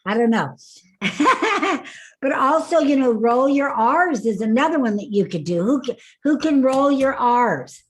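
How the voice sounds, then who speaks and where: A woman's voice: high-pitched, expressive, unhurried. Upbeat woman leading voice drills on a video call. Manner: upbeat, laughs often, leads group drills. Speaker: speaking coach. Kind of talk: online workshop teaching voice exercises.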